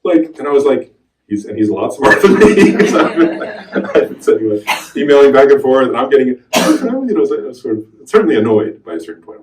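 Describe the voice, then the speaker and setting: A middle-aged man giving a meditation teaching to a group, telling a personal story with animated quoted voices. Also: medium pitch, brisk, noisy background. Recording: roomy hall, voice from a distance.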